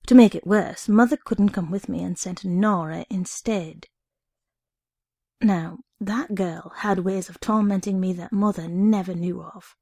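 Gravelly, warm-toned woman reading a story. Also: medium pitch, a little slow, no room sound, clean studio sound. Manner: expressive storytelling, first-person narration. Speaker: narrator. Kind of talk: audiobook reading of a short story.

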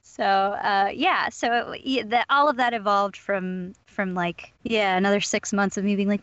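A young woman with a Valley Girl accent talks in a bubbly, upbeat way, full of fillers. Her voice sits in a middle pitch. The recording is dry and a little dull. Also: fairly even intonation, normal speed, few pauses, fairly bright tone, no room sound. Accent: Valley Girl, Southern California. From Southern California. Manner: bubbly, upbeat, laughs often, many fillers. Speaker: voice actress guest. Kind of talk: casual interview talk.

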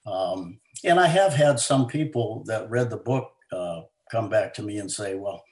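A low-pitched man talks as an interview guest about a book he wrote. His delivery is earnest, with many fillers and restarts. The room around him rings with a roomy echo. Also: animated, unhurried. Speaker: author and guest. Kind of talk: conversational interview.

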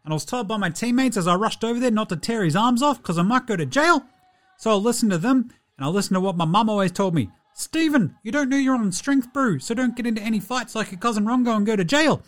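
A man's voice: sits high, expressive, quick pace. A man putting on a laid-back young New Zealand basketball player with an exaggerated New Zealand accent, drawling and tacking "Brew" and "eh" onto every phrase. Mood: chatty.

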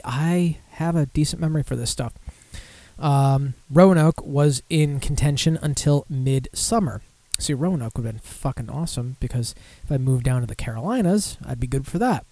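A man's voice: fairly high pitch, lively intonation, moderate pace, dry recording. A man hosting a podcast, reading news aloud in a loose, casual way with profane, sarcastic asides. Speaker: podcast host.

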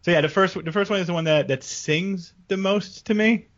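A man's voice: high-pitched, a little fast. A man co-hosting a casual podcast, playful and self-deprecating. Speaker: podcast co-host. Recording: dull lo-fi sound.

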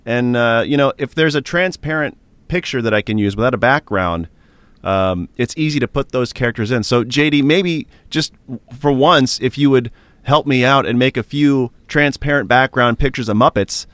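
A man hosting a casual podcast, chatty and animated as he recaps results. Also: mid-range voice, moderate pace, smooth, no echo. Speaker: podcast host.

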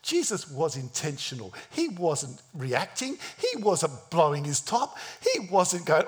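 A man preaching a sermon and telling the story with drama, acting out each scene he describes. His voice sits high for a man and swings widely in pitch, full of life. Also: wildly swooping pitch, slow. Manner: dramatic, acts out the scenes, plays other voices.

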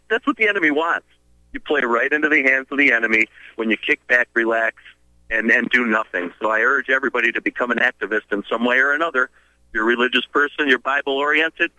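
Male radio host, sharp forceful tone, dry close sound, preachy and urgent. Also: mid-range voice, quick pace, no room sound, rough recording. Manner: urgent, preachy activist rallying listeners. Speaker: radio talk show host. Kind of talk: casual call-in radio talk.

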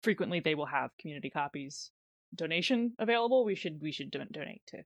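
A woman with a fairly low voice co-hosts a gaming podcast in a relaxed, chatty way. She reads sponsor plugs and breaks into laughter often. The recording is close and dry, with no room sound. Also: fast talker, no room sound. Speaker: podcast co-host. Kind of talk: casual podcast chat.

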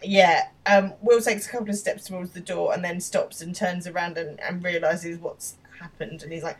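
A woman with a fairly low voice recaps a TV episode in a relaxed podcast chat. She often stops and restarts mid-sentence while searching for words, and she sits a little back from the microphone. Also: moderate pace, hardly any pauses, distant mic, poor audio. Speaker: podcast co-host. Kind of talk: casual episode recap and review.

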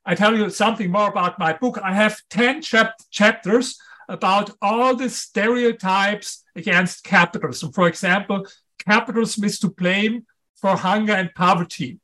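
A man speaking English with a strong German accent, a guest author on an interview show. His voice sits fairly high for a man, and he hammers home his points, often repeating the key ones. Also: moderate pace, sharp tone.

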